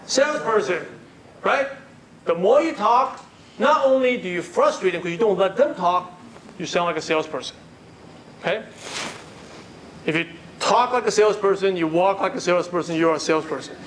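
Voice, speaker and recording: A man's voice: sits high, normal speed, pauses often, slight background noise. A man giving a live sales workshop, asking the audience questions and repeating their answers back. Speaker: sales trainer. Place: meeting room with a live audience.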